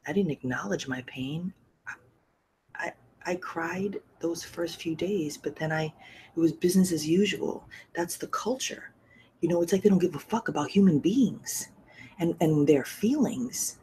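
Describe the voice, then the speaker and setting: A middle-aged woman hosting a podcast, telling a personal story candidly and emotionally, often sinking to a soft, breathy near-whisper. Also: on the low side, measured pace, slight background noise, low-quality recording. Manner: repeats phrases for emphasis, swears freely. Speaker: podcast host.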